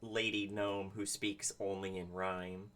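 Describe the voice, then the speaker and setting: Low-voiced, rambling young man player. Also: little pitch movement, slow, a bit bright, slight background noise. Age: young adult. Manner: rambling, joking and profane. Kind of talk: casual chat at a tabletop game.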